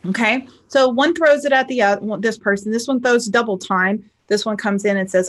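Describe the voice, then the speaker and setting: Pitched on the high side and moving at a moderate pace, a female life coach and spiritual teacher chats animatedly into a camera. She regularly tosses in "okay?" and performs both voices in an argument.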